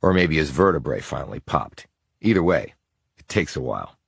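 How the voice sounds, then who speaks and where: A man's voice: extremely low pitch, moderate pace, vocal fry, breathy edge, dry recording, studio quality, heavily acted. A man whispering as a blunt FBI investigator. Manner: flat, blunt, calm. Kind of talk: whispered role-play.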